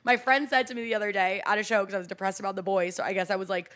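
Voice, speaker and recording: A woman comedian chatting as a podcast guest, telling scattered, profane stories at a rapid clip. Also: mid-range voice, little pitch movement, a bit bright. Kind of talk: casual podcast chat.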